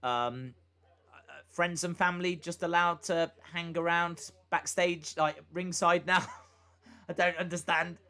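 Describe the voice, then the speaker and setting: A man's voice: a little high, steady tone, a little slow, pushed and bright. A man hosting a live reaction stream, chatting casually and rambling with fillers and asides between moments of commentary.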